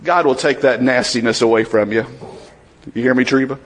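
In a mid-range, somewhat bright voice, a man preaches a little fast and keeps it conversational. He asks the congregation questions and gives voice to biblical figures.

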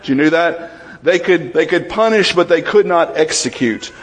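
Animated and speaking at normal speed, a man with a high-side voice and a breathy edge preaches conversationally. He asks his congregation questions and acts out the voices of Bible characters.

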